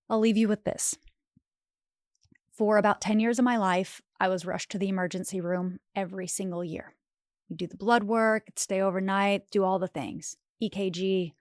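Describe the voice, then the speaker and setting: An earnest young woman speaking directly to her audience as a wellness coach, her voice warm with encouragement and sometimes close to tears. She sits at a mid-range pitch, and the sound is close and dry, with no room around it. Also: dry recording. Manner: earnest, encouraging, emotional at times. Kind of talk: heartfelt direct-to-camera talk.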